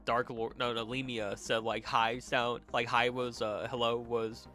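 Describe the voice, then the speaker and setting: Bright-voiced young male streamer, stuffy nose. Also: mid-range voice, level tone, a little slow, soft background music. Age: young adult. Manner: rambling, laughing, many restarts. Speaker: vtuber streamer. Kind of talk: casual chat with stream chat.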